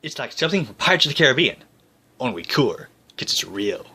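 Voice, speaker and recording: A man narrating history in a jokey, breezy way, tossing in quick voiced asides. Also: mid-range voice, big pitch swings, bright, forceful tone, breathy edge.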